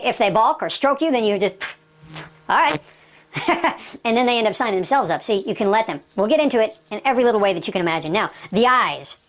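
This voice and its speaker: A woman giving a sales coaching talk, emphatic and full of rhetorical questions, with personal anecdotes. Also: mid-range voice. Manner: tells personal anecdotes, laughs now and then. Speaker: sales trainer.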